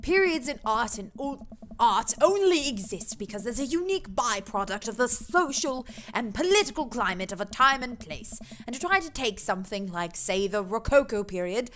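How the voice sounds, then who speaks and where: A woman's voice: fairly high pitch, expressive, moderate pace, fairly bright tone, a little hiss or hum. A woman voicing a pedantic dad who lectures about art history. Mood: lecturing.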